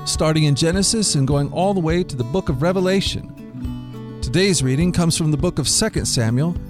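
A man hosting a daily Bible reading show for children, reading scripture and giving a short devotional, slowing down to stress key lines. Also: on the high side, over music. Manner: expressive storyteller, slows down for emphasis.

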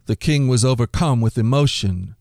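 Hosting a daily Bible reading show for children, a man reads scripture and offers a short devotional, storytelling expressively and slowing down to stress key lines. His voice is medium-pitched, recorded at studio quality with no echo.

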